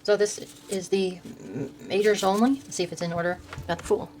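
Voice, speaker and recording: An older woman hosting her own video, softly showing tarot decks and reading card names aloud, often trailing off and restarting words. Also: mid-range voice, fairly even intonation, brisk, a little hiss or hum, poor audio. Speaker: host showing her tarot deck collection. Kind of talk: soft-spoken casual deck walkthrough.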